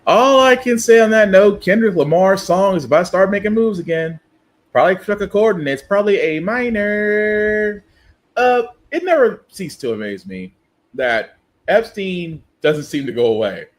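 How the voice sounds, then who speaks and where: Animated, high-voiced ranting male host. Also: normal speed. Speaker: podcast host. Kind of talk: casual political commentary.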